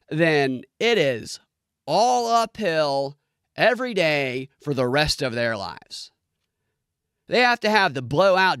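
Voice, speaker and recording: Profane, animated man in a dry room. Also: dry recording. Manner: profane, animated, mimics people in squeaky voices. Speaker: show reviewer. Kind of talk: comedic ranting review.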